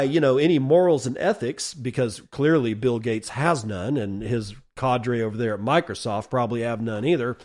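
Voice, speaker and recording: A man hosting a solo podcast, reading out numbers and listener messages and ranting casually and bluntly, with some swearing. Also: mid-range voice. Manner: reads listener messages and figures aloud. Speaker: podcast host.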